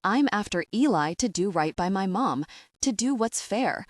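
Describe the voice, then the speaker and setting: A woman narrator voicing a gentle, earnest young woman in an audiobook, speaking softly and slowly. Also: medium pitch, animated, dry recording, studio quality, natural voice. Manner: soft, slow and tender. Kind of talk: audiobook dialogue.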